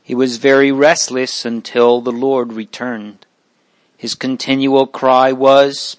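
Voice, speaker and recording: A man reading aloud from an old memoir in a slow, measured, solemn way. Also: medium pitch, flat delivery, no room sound. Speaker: reader.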